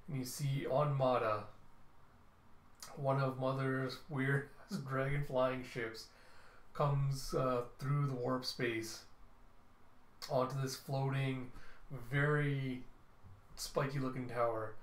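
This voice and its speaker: A man's voice: mid-range voice, slow, long pauses, roomy sound, poor audio. A man casually retelling a comic book story, scene by scene. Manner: casual, animated. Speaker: comic reviewer.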